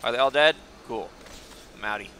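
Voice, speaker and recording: A man commenting on his own gameplay, excitable and joking, swearing often and taunting the enemies. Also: mid-range voice, moderate pace, a little hiss or hum. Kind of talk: let's play commentary.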